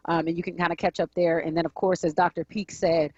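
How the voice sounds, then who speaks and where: A woman hosting a call-in radio show, talking casually and quickly with fillers and self-corrections. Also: fairly low pitch, level tone, a little mellow, no echo, dull audio. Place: radio studio.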